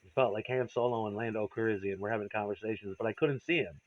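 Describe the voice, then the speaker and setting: A man's voice: fairly low pitch, steady tone, quick pace, lo-fi sound. A man telling a candid, rambling personal story, profane and confessional.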